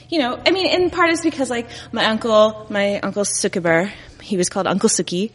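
A woman's voice: medium pitch, fairly quick. A woman from Dallas telling stories on stage, playful and laughing often. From Dallas, Texas. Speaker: storyteller on stage. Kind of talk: live stand-up storytelling. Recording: live hall with long reverb.

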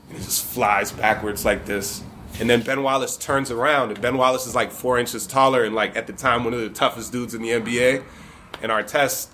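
A man's voice: medium pitch, pushed and bright, slight background noise. A man from Michigan telling a funny personal story to a live audience, casual and profane, often chuckling.

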